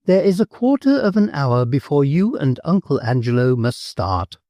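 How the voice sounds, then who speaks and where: A man's voice: medium pitch, very animated, normal speed, warm tone, dry recording, dull audio, voice pushed up. A man voicing a bossy, talkative middle-aged countess who gives fussy commands.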